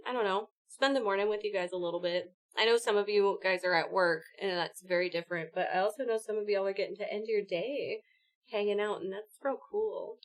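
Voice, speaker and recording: A woman hosting a gaming livestream, chatting casually with viewers and co-players and laughing often. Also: medium pitch. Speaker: livestream host. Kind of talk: casual chat with stream chat and co-players.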